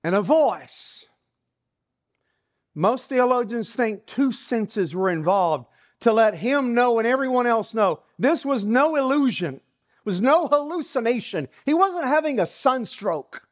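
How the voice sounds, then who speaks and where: A preacher delivering a sermon at a slow, deliberate pace. The voice rises and falls widely, swinging from emphatic lines to hushed near-whispers while the story is built up scene by scene, with words often repeated. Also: mid-range voice, animated. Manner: dramatic retelling of a story, dropping to hushed whispers.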